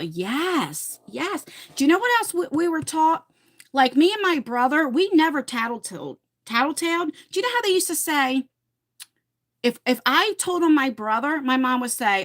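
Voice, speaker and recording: A woman's voice: high-pitched, big pitch swings, a little slow, sharp tone. A middle-aged woman from New Jersey hosting a livestream, chatting casually and reading out viewer comments, rambling with lots of fillers and restarts. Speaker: livestream host.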